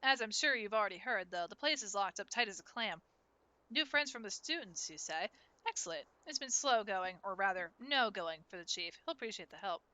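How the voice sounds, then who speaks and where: A woman's voice: mid-range voice, lively intonation, bright, forceful tone. Game NPC dialogue, read by a woman. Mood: matter-of-fact. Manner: plain unhurried read-aloud.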